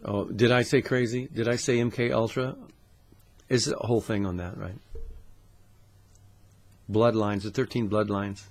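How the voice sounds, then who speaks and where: A man hosting his own channel, ranting to camera with constant swearing, jumping between loud outbursts and muttered asides. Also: fairly low pitch, fairly even intonation, unhurried, long pauses. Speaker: channel host. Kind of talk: profane conspiracy rant to camera.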